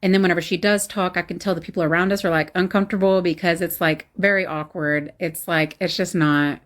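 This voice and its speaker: Woman, mid-thirties, rapid-fire storytime delivery, blunt and sarcastic, exasperated tone. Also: lowish voice, steady tone. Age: 30s. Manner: blunt, sassy and exasperated, with sarcastic asides and laughs. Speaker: storyteller recounting a bad date. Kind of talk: casual storytime chat.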